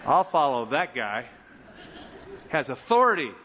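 A man preaching an expository sermon as pastor, animated, with big swings in pitch and loudness. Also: a little slow, breathy edge, long reverb tail.

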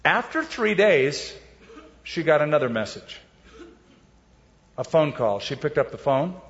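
A man preaching a sermon with a slightly higher voice, animated and acting out the voices he quotes. The recording is dull and lo-fi. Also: measured pace, in a large hall. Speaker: pastor.

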